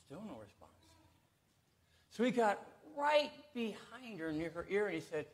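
Lively, folksy preaching man. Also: high voice. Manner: folksy, lively storytelling with pauses. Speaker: pastor. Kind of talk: sermon with jokes. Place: church sanctuary.

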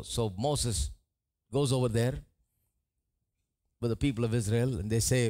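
A man's voice: mid-range voice, a little slow, long pauses. A pastor from India preaching a live church sermon, acting out the Bible figures' lines as he tells the story. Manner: animated preaching, acts out dialogue of Bible figures. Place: church service, live recording.

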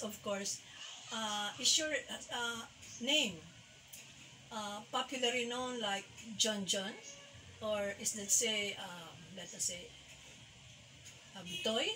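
Bright-voiced woman music teacher. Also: mid-range voice. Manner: halting, full of filler sounds, sounds out names by syllables. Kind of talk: recorded music lesson. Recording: distant mic with faint background hiss.

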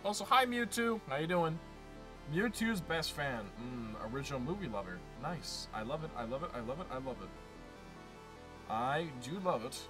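A man's voice: a little high, sing-song, moderate pace, over music. A man streaming a game live, chatting casually, joking and reading messages aloud. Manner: joking, reads chat aloud. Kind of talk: casual live gameplay chat.

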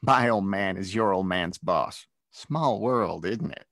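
A man's voice: low voice, takes it slowly, a bit bright, no echo, studio quality, heavily acted. A man reading a storybook aloud and voicing a tall teenage bully who sneers and threatens a new boy at school. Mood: sneering menacing. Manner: sneering, menacing, mocking.

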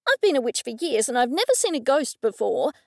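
A woman narrator voicing a frazzled, jumpy young woman witch who exclaims shrilly and excitably. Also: sits high, fairly quick, vocal fry, no echo, clean studio sound, exaggerated voice. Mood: alarmed.

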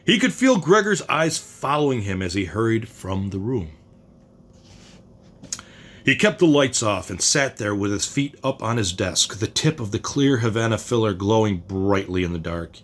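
A man's voice: on the low side, expressive, normal speed, fairly bright tone. A man reading a short story aloud in a plain way, now and then stumbling and restarting a phrase. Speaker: story reader.

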